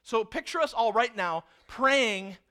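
Bright, high-voiced male preacher. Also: a little slow, smooth. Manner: animated storytelling, acting out voices of the people in the story. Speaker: pastor. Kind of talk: sermon.

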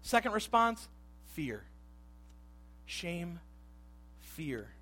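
Animated man preaching a sermon. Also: high voice, drawn-out words. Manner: animated, acts out voices in quotes, swings between hushed asides and loud emphasis. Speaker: pastor.

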